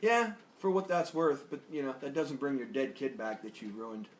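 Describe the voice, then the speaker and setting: A man's voice: medium pitch, animated, normal speed. A man co-hosting a casual TV review chat, rambling and joking in a laid-back way. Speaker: podcast co-host. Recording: echoey room with faint noise.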